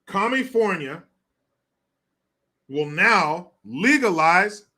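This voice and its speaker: A man's voice: high voice, lively intonation, very slow, pushed and bright. A man ranting in a crude, sarcastic commentary vlog, often laughing at his own jokes. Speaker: online commentator.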